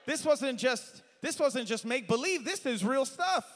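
A man preaching a sermon, animated and shifting between loud shouted praise and soft asides to the congregation. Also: very high-pitched, moderate pace. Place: church sanctuary. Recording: long hall reverb.

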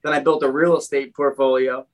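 A young man telling his story in casual chat as a podcast guest, animated and fond of saying "dude", often restarting his sentences. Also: medium pitch, a little fast.

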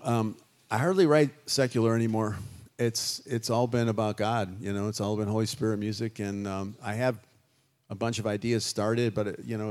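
An older man, a guest musician, answering audience questions at a festival talkback in a chatty, rambling way. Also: fairly low pitch. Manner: chatty, animated, rambling with restarts.

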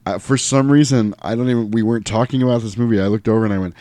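A man hosting a podcast in a loose, casual chat, an animated storyteller who swears freely. His voice sits low, and his microphone sound is dry and close, with no room echo. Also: very fast. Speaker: podcast host.

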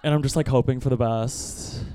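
A male comedian on stage, rambling in a self-deprecating way and peppering his lines with "like". His voice is very crisp and clear, with a dry, close sound. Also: mid-range voice, steady tone, normal speed, dark tone, no room sound. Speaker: comedian and musician. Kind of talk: stand-up comedy set.

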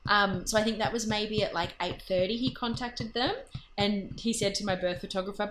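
A woman tells a personal story in a casual, chatty way, with lots of fillers. Her pitch sits in the middle of the range, and a faint hiss runs under the recording. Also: fairly quick. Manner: chatty, animated storytelling with laughs.

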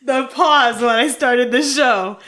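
A woman's voice: on the high side, takes it slowly, bright, forceful tone. A woman hosting a podcast in casual chat, teasing her co-host and giggling often.

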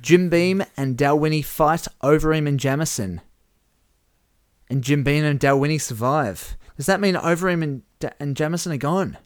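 A man in casual chat, reading out game events with animated play-by-play. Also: a little high, moderate pace, no echo, studio quality. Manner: animated play-by-play, chuckling at the results. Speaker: host running a whisky-themed game simulation.

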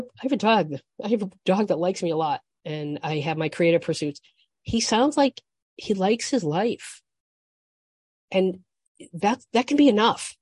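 Low-voiced woman giving frank dating advice. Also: warm tone, dry recording. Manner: frank, conversational, restarts and swears for emphasis. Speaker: podcast host. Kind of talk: casual advice monologue.

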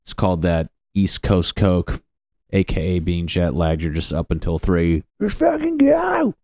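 A man's voice: sits low, level tone, a little slow, darkish tone, no room sound, studio quality. A young adult male comedian in a casual, profane, sarcastic rant, riffing as he reads web pages aloud.

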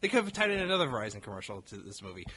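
A man's voice: medium pitch, big pitch swings, very fast, pushed and bright, slightly rough. A man chatting casually as a podcast co-host, rambling with swearing and laughing at his own jokes. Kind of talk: casual chat.

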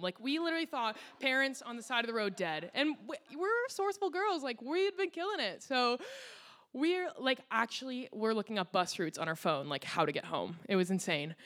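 A woman's voice: a little high, expressive, a little fast, a bit bright. A young woman from the United States telling a personal story on stage at a live storytelling event, chatty, with many asides and fillers.

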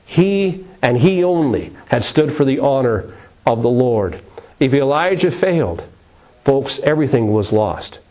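A man's voice: mid-range voice, animated, measured pace, a little mellow, rough recording. A man preaching a sermon in a dramatic style, repeating phrases with rising and falling emphasis.

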